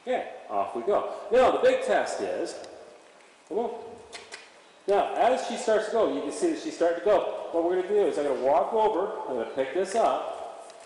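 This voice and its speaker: A male horse trainer giving an energetic, animated demonstration and coaxing his horse as he works. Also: sits high, normal speed. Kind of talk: instructional demonstration. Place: riding arena at a stable. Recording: echoey hall from far off.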